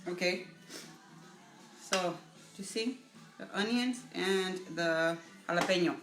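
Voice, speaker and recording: Chatty woman hosting a home cooking stream. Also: fairly low pitch. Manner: casual, halting, greets viewers by name while cooking. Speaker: cooking show host. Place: home kitchen. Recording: echoey room with faint music.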